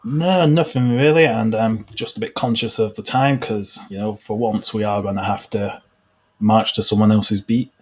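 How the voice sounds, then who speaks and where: Recording a podcast live online, this British co-host speaks on the low side with fairly even intonation and a breathy edge. His pace is moderate, and the casual banter is laced with dry sarcasm and frequent laughter.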